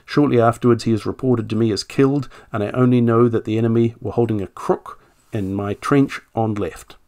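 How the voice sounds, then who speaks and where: A man reading out a wartime army captain's statement in a put-on voice, formal, measured and official. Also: medium pitch, fairly even intonation, a little mellow, lightly acted. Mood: formal, reporting. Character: British army captain, adult man, formal and matter-of-fact.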